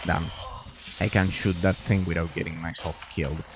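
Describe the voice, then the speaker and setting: A man's voice: low-pitched, level tone, normal speed, a little hiss or hum. A man giving casual commentary while playing a video game, rambling with restarts and muttering to himself as he plays. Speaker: gameplay commentator. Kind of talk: casual let's-play commentary.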